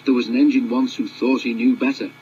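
A man voicing a steady, good-natured male engine who tells a cautionary tale in a calm, kindly way. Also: mid-range voice, fast, slight background noise, close to an everyday voice. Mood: storytelling. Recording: dull lo-fi audiobook with music.

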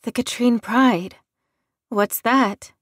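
A woman's voice: fairly high pitch, measured pace, a little mellow, no room sound, studio quality, pitched above the performer's own voice. A woman voicing a brash, protective female prisoner who speaks up emphatically in an audiobook. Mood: defiant.

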